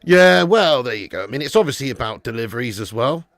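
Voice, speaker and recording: A man's voice: mid-range voice, very animated, fast talker, fairly bright tone, no echo. A young man hosting a live football watch-along, chatting casually and bantering with viewers. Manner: chatty, banter with viewers, jokey put-on accents.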